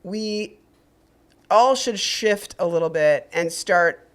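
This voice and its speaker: A woman co-hosting a podcast in casual chat, animated, laughing often and swearing freely. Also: lowish voice, slow, smooth. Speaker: podcast co-host.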